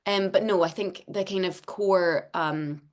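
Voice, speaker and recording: A woman from Scotland with a neutral, easy-to-place-nowhere Scottish accent talks casually as an interview guest. Her voice sits a little low, and she laughs easily and often restarts her sentences as she thinks. She sounds like she is on a video call. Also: unhurried. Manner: chatty, laughing, many restarts. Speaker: voice actor guest.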